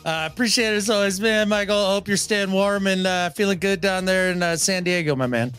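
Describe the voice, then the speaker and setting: Man, high bright voice, loose laughing chat, podcast co-host, faint music. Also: a little fast, clear, resonant tone. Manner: loose, laughing, lots of fillers.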